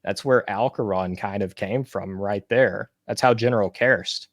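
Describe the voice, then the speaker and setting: A man's voice: fairly low pitch, normal speed, dry recording, studio quality. A man being interviewed as an author, explaining his ideas thoughtfully and at length. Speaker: guest author. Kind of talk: casual interview talk.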